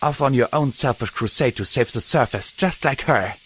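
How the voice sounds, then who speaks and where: A man's voice: mid-range voice, normal speed, fairly bright tone, natural voice. A man doing a scornful, bitter mare soldier. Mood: scornful, hostile. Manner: hissing, scornful. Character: hostile older mare soldier, proud and bitter.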